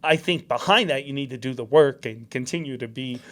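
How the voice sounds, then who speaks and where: A man from New York hosting a podcast, telling a story in a casual, animated way. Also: medium pitch, fairly quick. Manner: animated storyteller, acts out quotes. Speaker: podcast host.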